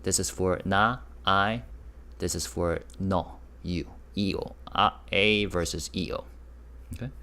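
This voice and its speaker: A man teaching a casual online language lesson. He is patient, repeats his examples, asks the viewers questions, and jumps up in pitch on key words. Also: measured pace, bright, forceful tone.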